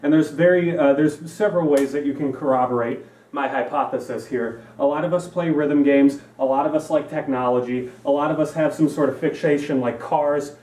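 A man's voice: on the high side, fairly even intonation, fairly quick, darkish tone, roomy sound, recorded from a distance. A young man delivering a profane, rambling comedy rant, repeating himself to hammer points. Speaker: comedy vlogger.

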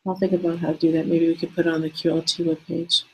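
A woman hosting an online teaching hangout over a video call, speaking in a hesitant, halting way and slowing down to spell out details. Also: lowish voice, level tone, slight background noise, rough recording. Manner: hesitant, halting speech that slows down to spell things out. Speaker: host of an online teaching session.

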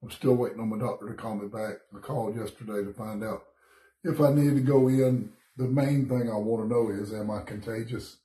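A man's voice: fairly low pitch, fairly even intonation, a little fast, mellow, reverberant. A man leading a casual morning Bible study as pastor, chatty and folksy, a little sick with a cough, reading scripture aloud. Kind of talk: informal Bible study teaching. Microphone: streaming setup, morning online study.

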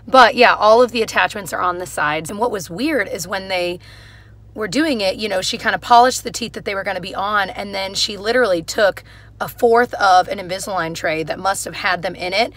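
A woman's voice: mid-range voice, a little fast, a bit bright. A young woman talking casually to her viewers in a chatty, rambling way. She has a slight lisp and fills her sentences with little asides. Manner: chatty, openly nervous, lots of "like" fillers. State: slight lisp from new aligners. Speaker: vlogger. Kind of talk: casual vlog to camera.

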